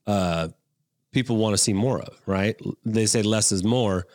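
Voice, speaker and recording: Enthusiastic low-voiced man chatting. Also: unhurried, darkish tone, no room sound, clean studio sound. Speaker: podcast co-host. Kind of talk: casual chat.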